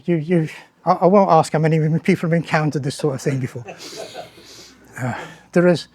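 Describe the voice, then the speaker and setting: An older man with a fairly high voice gives a talk at a tech meetup in the manner of a former lecturer. His humour is dry and wry, he asks the audience rhetorical questions, and he often breaks off and restarts his phrases. The sound is dry, with no echo. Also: fairly quick, darkish tone. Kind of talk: conference talk.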